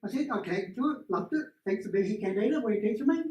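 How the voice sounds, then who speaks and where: Man, animated storyteller, roomy room, distant mic. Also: high voice, rapid-fire. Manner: animated storyteller who acts out voices. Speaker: energy healing workshop presenter. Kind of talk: casual teaching talk to a small group.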